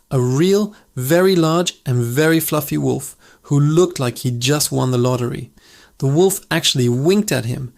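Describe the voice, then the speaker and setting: A man's voice: mid-range voice, a little mellow. A man narrating a comedic fable in a playful, dramatic way with jokey asides. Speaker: storyteller.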